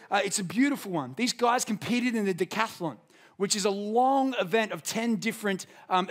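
Australian male pastor, fairly high voice, passionate sermon delivery that drops to near-whispers for emphasis. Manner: passionate preaching, swinging from loud emphasis to hushed intensity.

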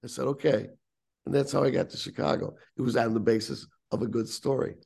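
Gravelly older man telling a story. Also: medium pitch, fairly quick. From United States. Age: 60s. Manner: animated storyteller acting out quoted voices. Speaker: guest. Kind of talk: storytelling in conversation.

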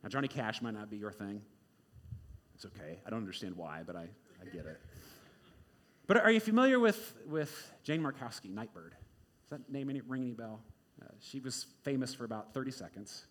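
A male pastor giving a conversational sermon, informal and repetitive, swinging between loud emphasis and quiet asides. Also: medium pitch, expressive, a little fast. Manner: informal, repeats words, many "like"s and "right?"s.

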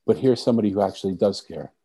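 A man speaking as a podcast guest, telling stories in an earnest, soft-spoken way with frequent restarts. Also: lowish voice, racing, husky, low-quality recording. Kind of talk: storytelling in conversation.

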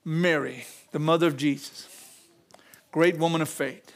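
A man's voice: a little high, fairly even intonation, unhurried. An older man preaching a folksy sermon, chuckling often and calling out to the congregation.

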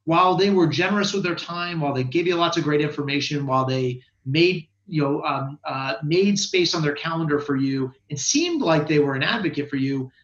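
A man with a fairly high voice explains sales research in lively, quick bursts, often restarting his sentences. His voice comes through a roomy space, and the sound is a bit dull and lo-fi. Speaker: guest expert on sales research. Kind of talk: casual podcast conversation.

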